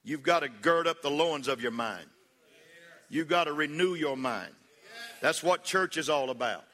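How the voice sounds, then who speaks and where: A man preaching with a bright, ringing voice in a church hall with a long reverb tail. He builds to fervent peaks, calls on the congregation to repeat after him, and mixes in folksy humor and stories. His voice sits a little high for a man. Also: animated, normal speed. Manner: preaching with rising fervor, calls for congregation responses. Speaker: pastor. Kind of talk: sermon.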